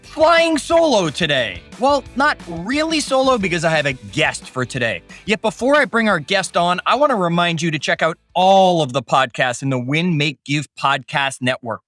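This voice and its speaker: A man's voice: a little high, expressive, normal speed, few pauses, sharp tone, dry recording, soft background music. A middle-aged man hosting a podcast, opening the show with a hyped, jokey delivery and then interviewing his guest. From Canada. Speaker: podcast host. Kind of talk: upbeat podcast intro and interview.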